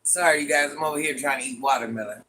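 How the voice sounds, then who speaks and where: A fast-talking man with a medium-pitched voice, bright and forceful in tone, hosts a casual livestream as a granny, with a little hiss or hum in the audio. He greets viewers by name and repeats lines for effect, chatty and dramatic throughout, and calls them "child" and "honey bun."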